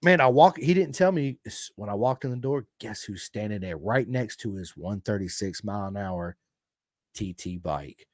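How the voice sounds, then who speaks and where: Excitable country-accented American man. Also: fairly low pitch, moderate pace, no room sound, clean studio sound. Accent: American Southern country. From United States. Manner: excitable storyteller, swears freely, big swings in energy. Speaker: podcast host. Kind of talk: casual chat.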